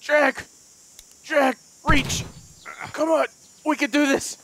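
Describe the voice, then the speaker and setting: A man doing loud, goofy, excitable commentary as he plays a game, often laughing. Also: very high-pitched, takes it slowly, slight background noise. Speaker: let's play host. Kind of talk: gaming commentary.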